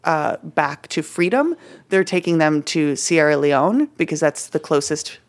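A woman with a fairly low voice, co-hosting a laid-back history podcast. She tells her story loosely and chattily, with lots of "like" and "uh" and the odd bit of slang. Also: lively intonation, a little slow. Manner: casual, full of fillers like "like" and "uh", playful slang. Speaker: podcast co-host presenting history research. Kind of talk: casual history podcast chat.

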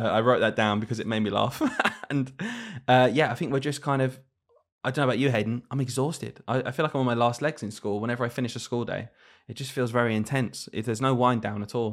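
A man's voice: mid-range voice, steady tone, fast talker. Chatty man telling teacher stories. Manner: laughs often while telling stories. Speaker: podcast co-host, primary school teacher. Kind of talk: casual chat.

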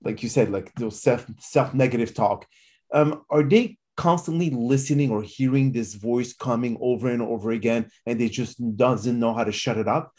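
A man hosts a casual podcast interview, asking questions hesitantly with lots of fillers. His voice is medium-pitched with a darkish tone, and he speaks at a moderate pace.

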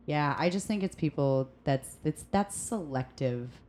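Low-pitched American woman, server guest, animated storyteller in casual chat. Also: unhurried, slight background noise. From United States. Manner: animated storyteller, acts out quoted people. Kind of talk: casual podcast conversation.

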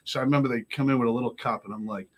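A podcast guest from Lowell, Massachusetts tells his recovery story in a casual conversation, blunt and animated, doing the voices of the people involved. He talks rapid-fire in a husky voice.

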